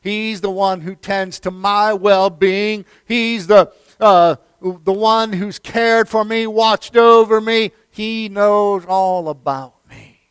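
Male pastor, high voice, unhurried delivery, goes from booming declarations to near-whispers, dry close sound. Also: fairly even intonation, clean tone, no room sound. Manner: swings between loud emphatic declarations and hushed near-whispers; repeats phrases for emphasis, calls listeners friend. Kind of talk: sermon.

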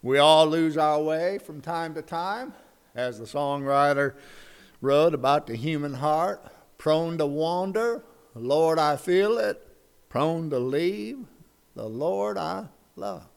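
A man's voice: a little high, slow, creaky, clean tone. A male pastor preaching a sermon with folksy, humorous storytelling.

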